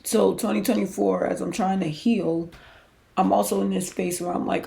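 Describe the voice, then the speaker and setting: A woman with a heavily gravelly, fry-laden voice at a middle pitch tells her own faith story as a podcast host. She talks candidly and emotionally, in loose conversational runs that restart mid-thought. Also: fairly even intonation, moderate pace, mellow. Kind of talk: personal faith testimony.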